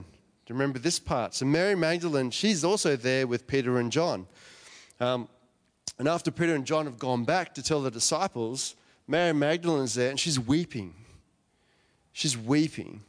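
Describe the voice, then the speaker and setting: A man's voice: mid-range voice, expressive, moderate pace. A man giving a conversational sermon, retelling a story and asking his listeners questions. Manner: chatty, asks the listeners questions. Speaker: preacher. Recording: long hall reverb.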